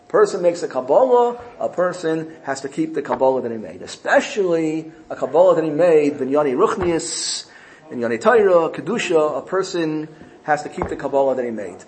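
A man teaching a Torah class, weaving Hebrew terms into his English and slowing down to quote each verse. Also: fairly high pitch, expressive, darkish tone, low-quality recording.

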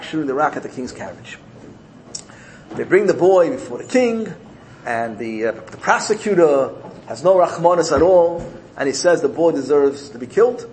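A man giving a sermon through animated storytelling, repeating key phrases for emphasis. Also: a little high, slight background noise, low-quality recording. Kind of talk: sermon built on told parables.

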